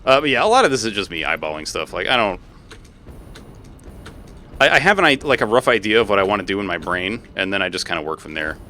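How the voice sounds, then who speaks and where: A man streaming a factory-building game, chatting with viewers in an animated way and breaking into exasperated, swearing outbursts. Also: lowish voice, quick pace, slight background noise. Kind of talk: live gameplay commentary.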